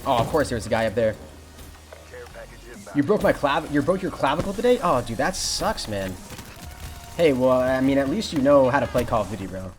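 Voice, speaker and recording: A young man commentating his live game stream, greeting viewers and answering chat in an excitable, casual way. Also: mid-range voice, normal speed, pauses often. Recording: music playing behind.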